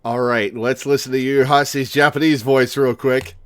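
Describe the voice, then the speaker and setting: A man's voice: medium pitch, normal speed, clean tone, no room sound. A man streaming a video game, reacting with jokes and swearing in casual commentary. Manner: animated, swearing, joking reactions.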